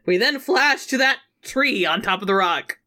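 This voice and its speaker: A woman co-hosting a casual movie recap in a sardonic, animated way. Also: mid-range voice, normal speed. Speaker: podcast co-host.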